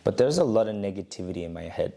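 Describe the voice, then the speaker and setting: A man's voice: lowish voice, expressive, fast talker, gravelly, warm tone. A man telling the story of his fight camp in a casual podcast chat, acting out quotes from the people around him. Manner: retells with acted quotes and laughs.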